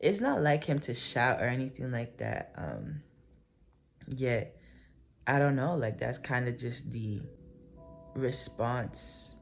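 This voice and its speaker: A woman's voice: extremely low pitch, very animated, slow, creaky, long pauses, a little hiss or hum. A woman vlogger telling a personal story in a casual, rambling way, full of "like" and "um" and frequent self-corrections. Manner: rambling, filler-heavy, often self-correcting.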